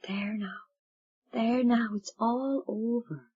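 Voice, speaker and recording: A woman's voice: fairly high pitch, steady tone, takes it slowly, a little mellow, slightly rough. A woman voicing an older Irish father with a lilting, confiding way of talking, in a dull lo-fi recording. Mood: soothing. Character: older Irish father, warm, rambling, self-mocking man.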